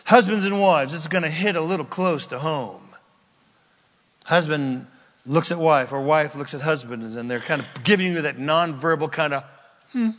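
A man preaching a sermon as a pastor, stressing key words with drawn-out emphasis. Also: a little high, fairly bright tone. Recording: long reverb of a large hall.

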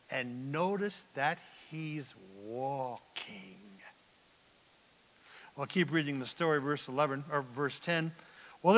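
A man preaching a sermon as pastor, swinging dramatically from hushed, almost whispered asides to loud, emphatic declarations. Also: on the high side. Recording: long reverb of a large hall.

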